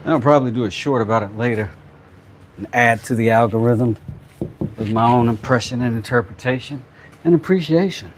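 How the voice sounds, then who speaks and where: A craft-channel dad keeps up a brisk, playful ramble full of jokey asides while working in his casual workshop vlog. The voice sits at medium pitch, with slight background noise.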